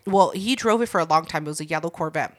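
A woman's voice: low voice, quick pace. A woman telling stories in a casual chat, cursing constantly and acting out the people in them. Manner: profane, animated, acts out voices.

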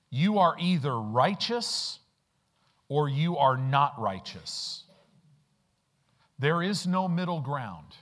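A pastor preaching a sermon, telling stories with lively rhetorical questions and acted-out quotes. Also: male voice, fairly high pitch. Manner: animated storytelling with rhetorical questions. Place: church in the Midwest.

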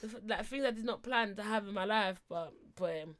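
A young woman, co-hosting a podcast and telling a story in a casual, animated, slangy way with bursts of laughter. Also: medium pitch, fairly quick. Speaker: podcast co-host.

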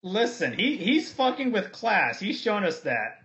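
High-voiced joking man, lo-fi sound. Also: big pitch swings, fairly bright tone. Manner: joking, quick interjections. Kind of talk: casual group chat. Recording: dull lo-fi podcast audio.

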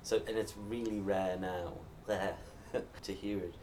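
A low-voiced man speaks as a panelist, thoughtful and storytelling. The mic sits some way off from him, and a faint background noise hangs under his voice. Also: steady tone, slow, darkish tone, far from the mic. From Northumberland, England. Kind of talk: live panel discussion.

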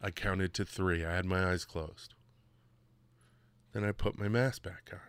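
A man hosting a podcast, telling a personal story in a casual, animated way with emphatic repetition. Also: sits low, measured pace, clean tone. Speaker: podcast host.

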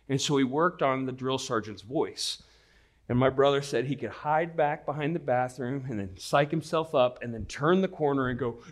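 An earnest male pastor delivering a sermon with a mid-range voice. He moves between hushed prayer and animated storytelling, stretching key words for weight. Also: mid-range voice, moderate pace.

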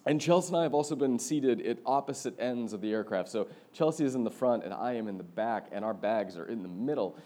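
A young man preaching a sermon, telling a lively story and laughing often as he talks. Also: mid-range voice, fairly quick, hardly any pauses. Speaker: pastor.

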